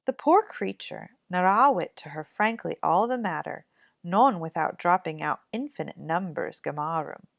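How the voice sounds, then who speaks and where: A woman reading a fairy tale aloud in an expressive storybook manner. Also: fairly low pitch, normal speed, creaky, no room sound.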